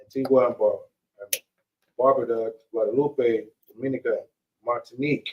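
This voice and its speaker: A man reading Bible verses aloud at a steady, measured pace during a study session. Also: medium pitch, highs cut off. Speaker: scripture reader.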